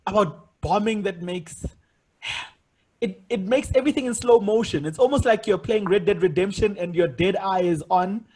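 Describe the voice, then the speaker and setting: Husky, high-voiced male podcast host. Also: normal speed. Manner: animated storyteller who laughs often. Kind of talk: casual comedic conversation.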